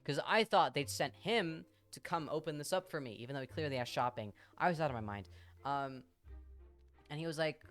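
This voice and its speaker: A man telling a long story on a live stream in a lively, profane way, full of fillers and bursts of laughter. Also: a little high, a little fast, soft background music.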